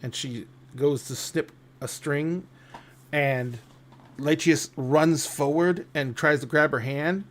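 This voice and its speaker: A man narrating a tabletop game as game master, thoughtful and unhurried. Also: a little high, steady tone. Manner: slow, thoughtful, with restarts.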